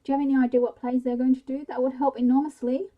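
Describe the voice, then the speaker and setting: A woman's voice: high voice, flat delivery, racing, narrow, tinny audio, pitched above the performer's own voice, close to an everyday voice. A woman voicing a coaxing, motherly middle-aged mother in a whispered bedtime story. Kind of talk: whispered role-play.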